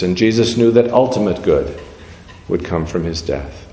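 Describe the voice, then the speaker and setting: A man's voice: sits low, animated, normal speed, mellow, slight background noise. A man preaching a sermon, reading scripture aloud and giving the verses changing emphasis. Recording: roomy hall with long reverb.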